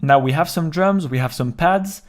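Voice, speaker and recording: A man explaining step by step how he produced a track in his home studio, in a calm, even way. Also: on the high side, normal speed. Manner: calm step-by-step walkthrough, counting beats aloud. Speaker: music producer. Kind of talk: explaining a music production process.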